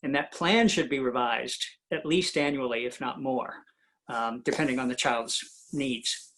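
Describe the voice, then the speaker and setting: A man's voice: mid-range voice, measured pace, fairly bright tone. A man on a panel answering a question, hesitant, with many ums and restarts. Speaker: panelist, attorney.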